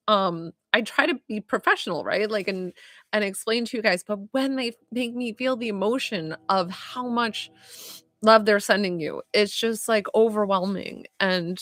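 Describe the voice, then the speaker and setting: A woman's voice: medium pitch, moderate pace, fairly bright tone, no echo. Woman medium doing a live reading, gushy and teary, says like a lot, dry close sound. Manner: gushing, emotional, heavy use of "like" and "um"; often near tears. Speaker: psychic medium. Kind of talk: live-streamed psychic reading to viewers.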